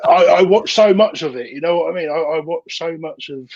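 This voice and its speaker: A British man chats as a podcast guest and restarts his sentences often. His voice sits a little high and slightly husky. The sound is dull and dry, like a muffled call. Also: a little fast, darkish tone, dry recording. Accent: British English. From United Kingdom. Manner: chatty, repeats words when starting sentences. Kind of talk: casual chat.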